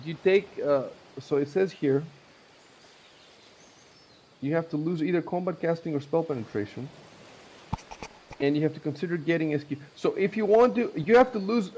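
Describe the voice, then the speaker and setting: Hesitant game master man, slightly high voice. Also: a little mellow, slight background noise, poor audio. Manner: hesitant, many fillers and restarts. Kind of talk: tabletop game rules talk.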